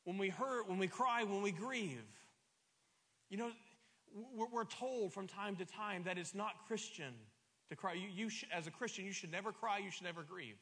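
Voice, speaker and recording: A middle-aged man preaching a sermon, emphatic and stumbling over repeated words, swinging between loud and soft. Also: sits high, normal speed, breathy edge. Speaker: pastor. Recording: long hall reverb.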